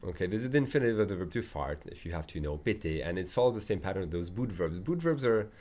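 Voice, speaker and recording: A man's voice: deep voice, animated, fast talker, mellow. A man teaching an online language lesson, chatty and full of asides, often checking in with his students. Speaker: French teacher.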